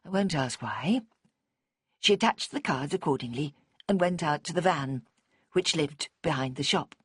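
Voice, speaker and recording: A woman reading a mystery audiobook at a calm, measured pace. Her voice sits low with a husky, breathy texture. The close studio mic gives a dry sound with no room. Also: dry recording. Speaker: audiobook narrator. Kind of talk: scripted narration.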